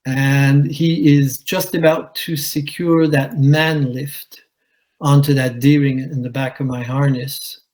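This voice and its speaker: A man, a commercial diver, telling his own story at a conference in a measured way, with pauses. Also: medium pitch, level tone, a little mellow, poor audio. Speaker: commercial diver giving a talk. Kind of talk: conference presentation, personal account. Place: conference hall.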